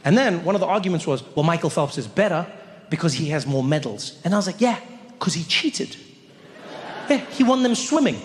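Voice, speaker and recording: A man's voice: high-pitched, big-room sound, a little hiss or hum. A man performing stand-up comedy on stage, telling stories in a playful way and acting out voices. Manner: playful storytelling, acts out voices. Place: comedy stage before a live audience.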